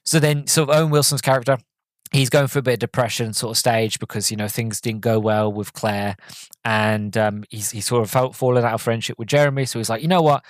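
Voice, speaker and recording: A man hosts a casual solo review podcast in an average-pitched voice. He rambles with a steady stream of fillers and "sort of". The recording is dry, with no room sound. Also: fairly quick, no room sound. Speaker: podcast host, film reviewer.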